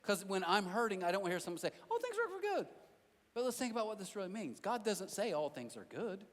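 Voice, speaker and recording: A man preaching a sermon as a pastor, telling animated stories with self-deprecating jokes and talking directly to the crowd in a church auditorium. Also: high voice, quick pace. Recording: long hall reverb.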